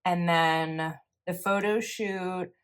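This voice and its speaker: Speaking slowly with a clean tone, a young woman narrates her planning session in a relaxed voice-over. Her voice is lowish and her intonation fairly even, and as a planner vlogger she chats, wanders off a little, and corrects herself.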